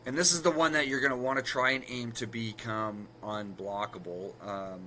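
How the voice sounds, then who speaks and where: A man's voice: medium pitch, fairly even intonation, normal speed, bright, forceful tone, slight background noise. A man co-hosting a card game podcast, walking through the math of card plays step by step and correcting himself as he goes. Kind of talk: casual explanatory chat.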